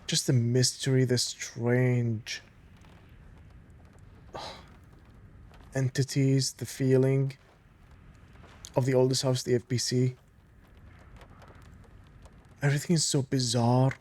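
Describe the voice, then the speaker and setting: A man doing casual let's-play commentary, switching between reading in-game documents aloud and gushing fan asides. His voice sits at an ordinary mid pitch. He talks in a relaxed, conversational way. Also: takes it slowly, long pauses. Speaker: gamer playing through a story game.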